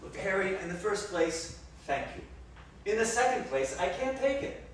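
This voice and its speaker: Wants a high, lively voice for an actor as a tired husband talking people down, heard from far back in an echoey theater. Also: male voice, normal speed, a little hiss or hum. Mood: firm. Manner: soothing, reasoning, weary. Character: strained middle-aged husband trying to stay calm. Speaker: stage actor. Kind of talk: live stage play. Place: theater stage.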